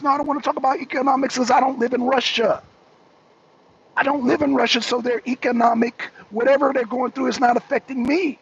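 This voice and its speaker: A man's voice: very high-pitched, fairly even intonation, brisk, husky. A middle-aged American man hosting a political live stream, arguing with viewers in the chat and repeating his points. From United States. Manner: argumentative, addresses chat by name, repeats himself. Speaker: talk show host. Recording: dull lo-fi stream audio.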